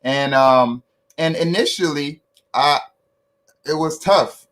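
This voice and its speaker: A man with a Ghanaian accent and a slightly high, somewhat bright voice tells stories slowly as a guest on an online panel. He often tosses in "right?" and laughs while talking. The audio comes through a video call.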